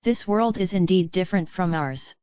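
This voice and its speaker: Woman reading awed young lady, soft, marveling, smooth low voice. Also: moderate pace, no room sound, dull audio, close to an everyday voice.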